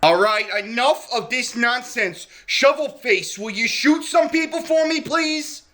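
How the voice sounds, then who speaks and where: A woman's voice: a little high, expressive, moderate pace, sharp tone. A woman playing a scheming male gangster boss who snaps orders, in 1940s radio serial style. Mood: bossy. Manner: bossy, snapping orders.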